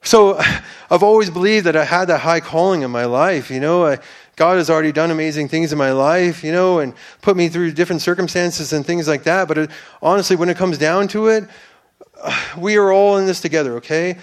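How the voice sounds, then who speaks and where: Man, church testimony, earnest, rambling, fervent preaching peaks, fairly high voice. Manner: earnest and rambling, with many restarts and fillers; builds to fervent, preacher-like declarations. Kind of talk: personal faith testimony.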